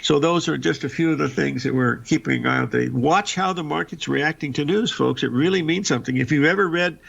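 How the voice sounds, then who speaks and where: An older man hosts a live market program and drifts into folksy stories, repeating words as he goes. His voice is deeply gravelly and fry-heavy. The broadcast audio sounds dull and lo-fi. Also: fairly quick, fairly bright tone. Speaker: show host. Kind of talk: casual live market talk and storytelling.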